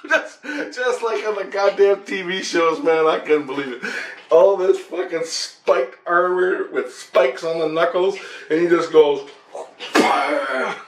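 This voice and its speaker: Rambling, cursing man in an echoey room. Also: mid-range voice. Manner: rambling, profane, laughs often while telling. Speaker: channel host telling a story. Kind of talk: casual storytelling monologue. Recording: roomy echo.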